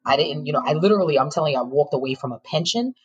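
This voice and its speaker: A woman's voice: low voice, animated, racing, darkish tone, breathy edge, dull audio. A middle-aged woman, a former teacher, frankly telling her personal story in an interview, with emotion and occasional laughter.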